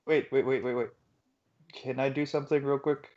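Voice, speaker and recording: A man's voice: medium pitch, fairly even intonation, moderate pace, darkish tone, muffled recording. A man playing a tabletop game, joking and teasing the other players. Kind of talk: casual tabletop game chat.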